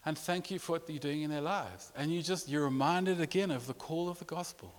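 A man whose voice is a little high preaches briskly as a pastor, sharing a personal story through repetitions and mounting emotion. The long reverb of a large hall fills the recording.

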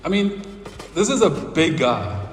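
A man's voice: fairly high pitch, big pitch swings, measured pace. A man preaching a sermon in a church hall, talking conversationally and putting questions to the congregation. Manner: conversational, asks the congregation questions, laughs at own stories. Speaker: pastor. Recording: roomy hall with long reverb, faint noise.

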